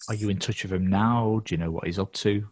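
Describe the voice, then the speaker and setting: A man's voice: fairly low pitch, steady tone, quick pace, darkish tone, slightly rough, no room sound. A man hosting a podcast who asks his guest questions in a friendly, enthusiastic way. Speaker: podcast host. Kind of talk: conversational interview.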